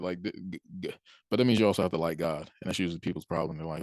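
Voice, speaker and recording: A man's voice: sits low, steady tone, quick pace, dry recording. A man giving a casual, conversational talk on Christian faith, acting out people's reactions and chuckling between points. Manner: conversational, acts out quoted reactions, chuckles often. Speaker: Christian speaker.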